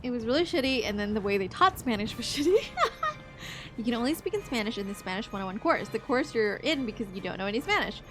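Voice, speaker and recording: Young woman, game streamer, chatty and profane, voice sits a bit high. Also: animated, quick pace, faint music behind. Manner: chatty, joking, swears freely, laughs often. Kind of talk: casual chat while gaming.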